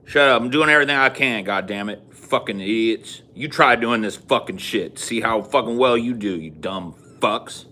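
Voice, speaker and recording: A man's voice: mid-range voice, animated, a little slow, bright, forceful tone, voice pushed up. A man voicing a crude, bellowing male president who rants at his critics and barks profane orders. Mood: ranting. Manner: profane, ranting, barking orders.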